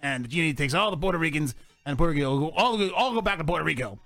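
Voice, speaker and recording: Man, podcast host, crude joking, loud laughter, gravelly, highish voice, music behind. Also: animated, quick pace. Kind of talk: crude casual comedy chat.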